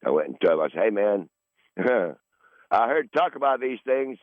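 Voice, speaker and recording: Sixties male podcast host, profane rambling monologue, lowish voice, dull dry recording. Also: sing-song, moderate pace, dry recording. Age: 60s. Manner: profane, rambling, repeats himself.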